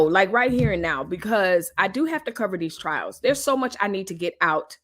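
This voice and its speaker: A woman's voice: fairly low pitch, fairly bright tone. A woman hosting a casual live news commentary stream, chatting colloquially with her viewers and reading their comments.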